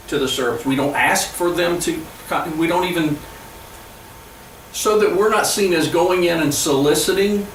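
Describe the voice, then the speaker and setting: A man speaking as a pastor, giving an earnest storytelling presentation to church leaders, with halting restarts. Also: a little high, slight background noise. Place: church hall. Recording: echoey room, from far off.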